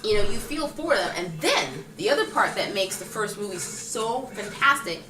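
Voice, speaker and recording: A woman's voice: medium pitch, moderate pace, a crowd in the background. A woman chatting casually in a film review vlog, acting out characters' lines as she goes. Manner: animated, acts out characters' lines. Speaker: vlogger. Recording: roomy echo, distant mic, faint music.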